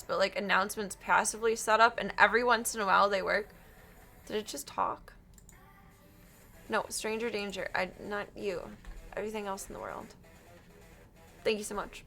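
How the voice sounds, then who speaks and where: A woman's voice: mid-range voice, brisk, bright, forceful tone, faint music behind. A young woman live-streaming, chatting casually with a giggly, rambling, self-deprecating manner.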